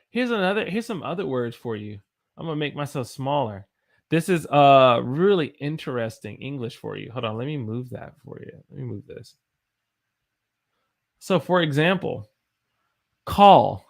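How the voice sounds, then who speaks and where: With a medium-pitched voice and a Southern American accent, a man from the Southern United States teaches English pronunciation over a live stream, demonstrating each example word in a slow, drawn-out way.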